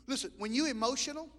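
A man preaching a Pentecostal sermon as pastor in a church, impassioned, with shouted peaks and stammered restarts. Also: high-pitched, creaky. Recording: long reverb of a large hall.

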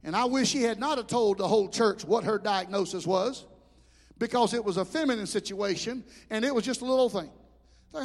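A man preaching a sermon as pastor, telling animated stories. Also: very high voice, a little fast. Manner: animated storytelling with shouted impressions. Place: church hall. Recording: hall reverb.

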